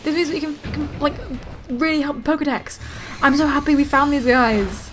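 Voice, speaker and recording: Young woman gaming, high voice, lots of gasps and squeals, game music faint underneath. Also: normal speed. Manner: excitable, gasping, thinking aloud. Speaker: gaming let's player. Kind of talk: casual gameplay commentary.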